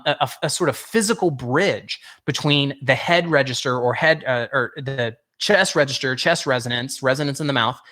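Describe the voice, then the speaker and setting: A man's voice: medium pitch, pushed and bright. A man teaching a singing workshop as a vocal coach, explaining patiently, talking straight to the listeners and often correcting himself mid-word. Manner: patient explaining, speaks to listeners directly, frequent self-corrections.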